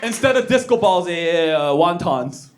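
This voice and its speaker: Young Korean-born male comic, high bright voice, lively delivery, live club noise underneath. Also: a little slow. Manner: animated storytelling, jumps into high squealing character voices. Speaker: stand-up comedian. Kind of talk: stand-up comedy set. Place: comedy stage with audience.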